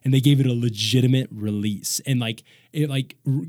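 A man's voice: mid-range voice, brisk, a little mellow, no room sound. Chatty young man, dry close sound. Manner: chatty, rambling with restarts and laughter. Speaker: podcast host. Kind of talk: casual podcast chat.

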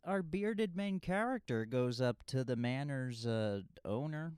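A man's voice: mid-range voice, animated, a little slow, a little mellow, clear, resonant tone, no echo, clean studio sound. Rambling man joking through a movie recap. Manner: rambling and jokey with many fillers. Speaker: movie reviewer.

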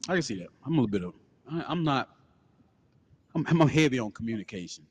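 Animated man with echoing storyteller voice. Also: quick pace, long pauses. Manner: animated storyteller who slips into low, breathy put-on voices. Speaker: podcast co-host. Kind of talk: casual comedic chat.

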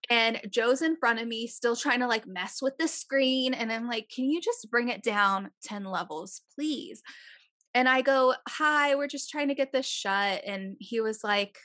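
A woman's voice: a little high, a little slow, fairly bright tone, dry recording, studio quality. A woman co-hosting a casual chat, telling a long story and acting out quotes, swearing freely.

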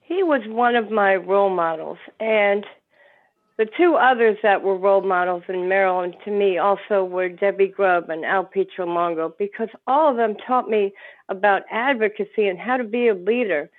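A woman's voice: medium pitch, moderate pace. A woman on a video call, sharing a heartfelt, rambling remembrance of a friend. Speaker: meeting participant. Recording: tinny phone-like call audio.

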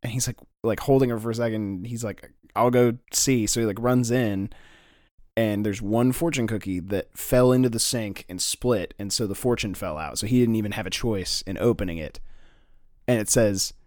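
A man's voice: lowish voice, moderate pace, a little mellow, dry recording, clean studio sound. A man in casual chat, brainstorming a story, rambling with many fillers and swearing as he acts out characters' lines.

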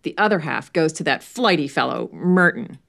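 Reader plays a touchy young nephew under questioning; defiant and indignant. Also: female voice, sits low, expressive, normal speed, vocal fry, a bit bright, full character voice.

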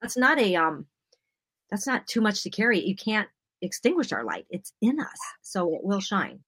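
A woman co-hosting a casual faith-themed chat, earnest and encouraging. She often voices her own self-talk aloud. Her voice sits at a middle pitch and sounds close and dry, with no room around it. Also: very animated, moderate pace, a bit bright, slightly rough, no echo. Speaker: podcast co-host.

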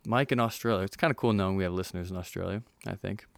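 A man's voice: low-pitched, very fast, gravelly, no echo. A man hosting a casual podcast, joking with his co-host and reading a listener's email aloud. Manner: jokey, laughs often, reads listener email aloud.

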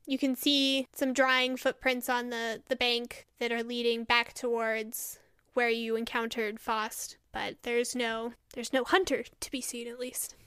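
A woman narrating as game master of a tabletop game, lively and descriptive. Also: on the high side, measured pace, clear, resonant tone, dry recording, studio quality.

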